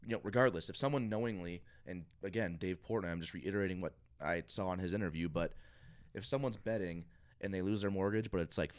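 A man with a very low, smooth, resonant voice chats in a laid-back way on a podcast. He rambles as he makes his points and swears freely. His tone stays easy and unhurried. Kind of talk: casual chat.

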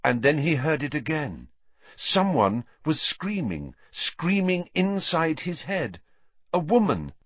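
Expressive husky male audiobook narrator. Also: a little high, slow pace, no room sound. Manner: dramatic, shifting pace with the action. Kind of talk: storybook audiobook reading. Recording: dull dry lo-fi sound.

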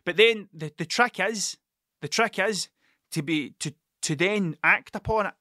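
A man's voice: high voice, unhurried, bright, forceful tone, no echo, studio quality. A man hosting a podcast, telling rambling stories in casual chat, swearing constantly and restarting his sentences as he digresses. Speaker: podcast host.

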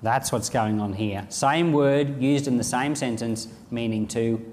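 A man preaching a sermon, reading scripture aloud and acting out the lines of imagined speakers in an animated way. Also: medium pitch, measured pace, big-room sound, slight background noise.

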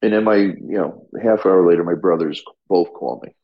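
A man's voice: low-pitched, normal speed, narrow, tinny audio. A middle-aged man, a firefighter and paramedic, tells his story in an interview in a raw, blunt way, swearing freely and restarting his sentences.

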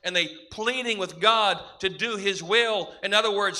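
Male pastor, very high voice, bright and forceful, emphatic sermon delivery, repetitive preaching cadence. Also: unhurried, hardly any pauses. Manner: emphatic preaching with repeated parallel phrases.

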